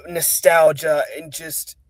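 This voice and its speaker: A man's voice: a little high, level tone, slow, no room sound. A man hosting a podcast interview, talking enthusiastically like a fan, with plenty of likes and stumbles. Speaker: podcast host. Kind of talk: casual interview chat.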